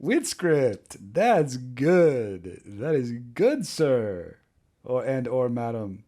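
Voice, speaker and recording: Lively, animated man hosting comedy. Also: drawn-out words. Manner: animated, mock stand-up delivery with lively pitch swings. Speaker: comedy video host. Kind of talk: casual comedic commentary.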